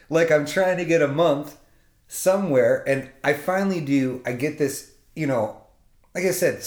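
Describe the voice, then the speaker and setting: A man's voice: on the high side, darkish tone. A man telling a personal story in a casual, comedic way, swearing freely and laughing between lines. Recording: roomy echo.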